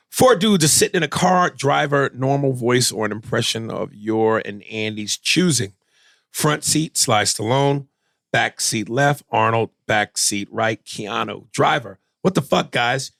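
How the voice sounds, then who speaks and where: Male comic host, gravelly, brash and profane, dry close mic. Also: medium pitch, a bit bright, no echo. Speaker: comedian podcast host. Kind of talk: casual comedy podcast chat.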